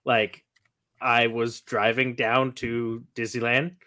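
A man from Northern California co-hosting a podcast, telling a story in a lively way and acting out the quotes. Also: medium pitch, takes it slowly. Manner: animated storyteller, acts out quotes. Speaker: podcast co-host. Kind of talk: casual storytelling.

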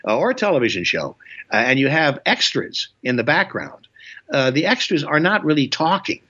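A man's voice: on the high side, sing-song, normal speed, sharp tone, husky. A man in his eighties, originally from Indiana, telling rambling show-business anecdotes as a guest, playful and jokey with many fillers and restarts. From Indiana, USA. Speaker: guest, comedian and voice actor. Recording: dull, lo-fi remote audio.

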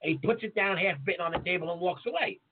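A man's voice: sits high, very fast, breathy edge. A man co-hosting a casual podcast, blunt and profane as he tells brash stories about other chefs. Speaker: podcast co-host, chef. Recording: tinny phone line with faint noise.

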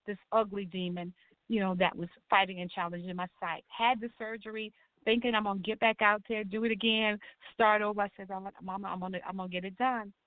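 A middle-aged woman, telling her life story as a talk show guest in an animated way, acting out voices and crying out to the Lord. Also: mid-range voice, a little fast, no echo. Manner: animated storytelling, acts out quotes, churchy exclamations. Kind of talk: personal testimony in a talk show. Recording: tinny phone-line sound.

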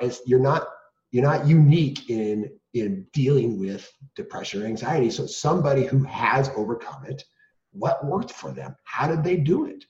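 Middle-aged man, earnest interview guest, candid and animated; echoey, lo-fi sound. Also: medium pitch. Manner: earnest and animated, many restarts and rhetorical questions. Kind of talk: candid storytelling. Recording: roomy, dull lo-fi sound.

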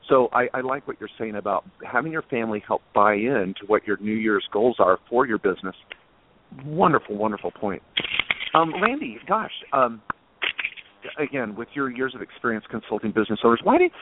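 A man hosting a talk show panel, speaking in an effusive, casual way and often repeating words. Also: medium pitch. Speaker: host. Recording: tinny phone-like line, dry.

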